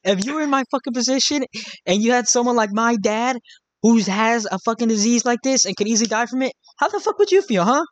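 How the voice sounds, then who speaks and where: Lively-pitched woman, profane and animated. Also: quick pace, dry recording. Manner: profane, acts out what should have been said. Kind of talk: casual chat.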